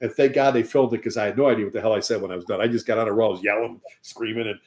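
Fire service veteran, animated storyteller, relaxed mellow voice. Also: male voice, lowish voice, racing. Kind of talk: casual chat.

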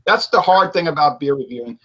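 A man with a slightly higher voice talks through a loose, casual debate about beer reviews. He rambles and stops to restart his points. His speech is full of hypotheticals. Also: lively intonation, fast, sharp tone, muffled recording. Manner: rambling, hypothetical, self-interrupting. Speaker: beer reviewer and show host.

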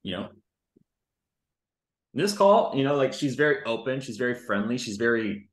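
A man's voice: medium pitch, sing-song, normal speed, reverberant. A man reviewing a recorded sales call in casual commentary, loose and chatty, full of filler words and the odd swear.

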